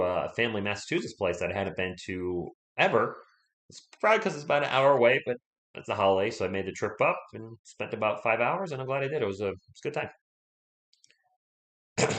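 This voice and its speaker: A man's voice: lowish voice, fairly bright tone. A man hosting a sports livestream, chatting casually, rambling and greeting viewers by name, his voice still recovering from being sick. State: voice recovering from illness.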